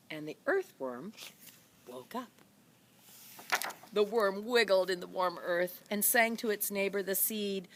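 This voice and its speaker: A woman reading a storybook aloud for children, animated, with high voices for each animal. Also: unhurried, long pauses, a little hiss or hum. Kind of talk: read-aloud storybook narration.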